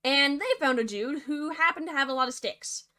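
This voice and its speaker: A young woman narrates a fairy tale for laughs, casual and sarcastic, with constant dry asides. Her voice is somewhat high, bright and forceful. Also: brisk. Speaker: video creator and narrator. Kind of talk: comedic storytelling narration.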